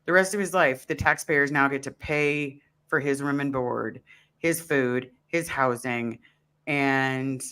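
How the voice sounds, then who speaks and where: A man's voice: mid-range voice, slow, pushed and bright, smooth. A man in casual conversation, telling an earnest story on a live stream and acting out his own thoughts. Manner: earnest, storytelling with acted asides.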